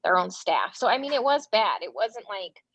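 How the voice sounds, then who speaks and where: With a mid-range voice at a normal speed, this American nurse from the front lines chats through her interview, bringing stories to life by performing the dialogue and dropping in frequent fillers. There's no echo; the audio is dry, dull, and lo-fi.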